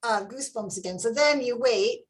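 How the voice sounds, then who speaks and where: A woman interviewing an author in a conversational webinar, enthusiastic and lively. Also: on the high side, normal speed, rough recording. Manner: enthusiastic, animated when quoting herself. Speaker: interviewer, adoptive parent.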